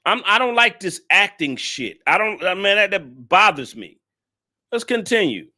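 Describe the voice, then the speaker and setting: Ranting bright-voiced male reaction host. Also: sits high, very animated, normal speed. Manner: blunt, ranting, profane, scolding viewers. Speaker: male content creator reacting to a video. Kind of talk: casual reaction commentary.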